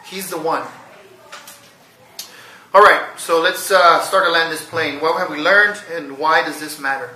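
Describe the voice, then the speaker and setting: A man's voice: fairly high pitch, normal speed, few pauses, bright, forceful tone, reverberant, recorded from a distance, poor audio. A man preaching a sermon, teaching earnestly and posing rhetorical questions to his listeners. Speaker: pastor.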